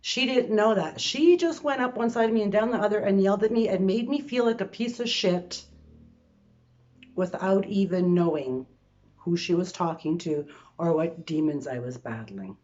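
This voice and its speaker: A woman's voice: mid-range voice, normal speed, darkish tone, highs cut off. A woman in her sixties from Canada, telling a personal story to camera in a chatty way, full of fillers and restarts, from her bedroom. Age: 60s. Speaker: vlogger.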